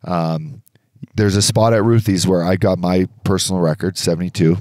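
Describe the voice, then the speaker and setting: A man co-hosting a podcast, telling a story in casual chat, animated and profane, acting out what others said. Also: deep voice, moderate pace, no room sound. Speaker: podcast co-host. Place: indoor studio.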